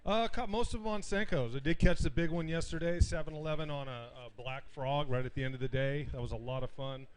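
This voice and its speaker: A man's voice: a little high, fast, few pauses, smooth. A man, a tournament angler, giving plain, modest answers at a weigh-in and thanking his sponsors. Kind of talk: casual interview answers.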